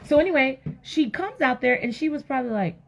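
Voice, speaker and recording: A woman giving an energetic motivational sermon, firing rhetorical questions and breaking into sudden loud exclamations. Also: sits high, fairly quick, vocal fry. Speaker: motivational faith speaker.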